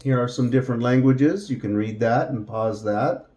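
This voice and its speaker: A man teaching a beginner English lesson, drawing out example phrases slowly and clearly so learners can repeat them. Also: medium pitch, mellow, dull audio.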